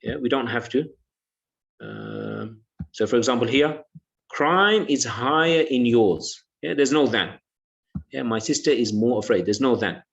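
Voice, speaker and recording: A man's voice: mid-range voice, measured pace, creaky, fairly bright tone. A male English teacher giving an online lesson, patiently repeating words and saying "yeah" often.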